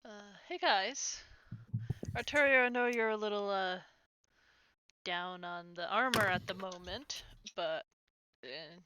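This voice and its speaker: A woman's voice: mid-range voice, takes it slowly, pauses often, sharp tone, smooth. A young woman playing a tabletop game, playfully narrating what her character does. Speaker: player. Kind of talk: tabletop role-play narration and chat.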